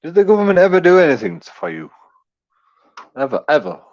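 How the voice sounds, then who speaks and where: A man's voice: fairly high pitch, very animated, brisk. English male commentator, profane and meandering, stumbling repeats, slightly muffled recording. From England. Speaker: YouTube commentator. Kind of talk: casual rant.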